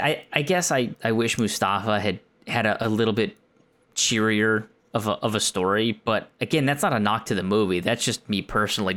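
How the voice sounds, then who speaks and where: A man talking casually about a film on a podcast, rambling with lots of fillers and getting animated when excited. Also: on the low side. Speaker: podcast co-host.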